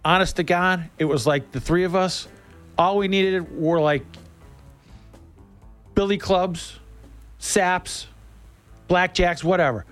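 A middle-aged man hosting a radio show, telling a casual story in a folksy, animated way. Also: high voice, takes it slowly, pauses often, soft background music. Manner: animated, folksy, laughs between lines. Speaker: radio host.

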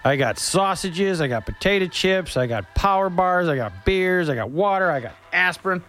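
This radio storyteller has a high-pitched voice and a moderate pace, with faint music playing behind him. Casual and chatty, he spins a rambling, comic tale, cracking jokes and laughing along the way.

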